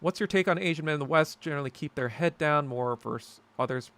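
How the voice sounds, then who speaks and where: Male podcast host from New York with a gravelly, tense voice, rants in a sarcastic, profane way, casual chat. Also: fairly high pitch, quick pace, a bit bright. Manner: rambling, profane, sarcastic ranting. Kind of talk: casual livestream chat reading viewer comments.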